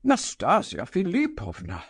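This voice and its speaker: A man doing an irritable older general, agitated, raised pitch, dry. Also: huge pitch swings, measured pace, slightly rough, no echo, full character voice. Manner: agitated, wrathful.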